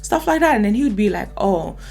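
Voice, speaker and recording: A woman's voice: a little high, rapid-fire, creaky, soft background music. A woman hosting a reaction video, commenting in an emphatic, opinionated way. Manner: emphatic, opinionated, lively asides.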